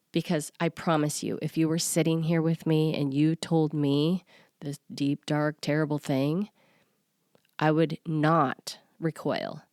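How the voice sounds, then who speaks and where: A woman in her forties, a self-worth coach, talking to listeners in an earnest, confiding way with soft laughs. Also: low-pitched, no room sound, clean studio sound. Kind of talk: personal solo podcast talk.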